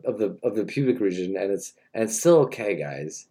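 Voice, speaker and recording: A man's voice: fairly low pitch, animated, moderate pace, hardly any pauses, warm tone, husky. A young man giving a rambling, mock-earnest comedic monologue and interrupting himself often.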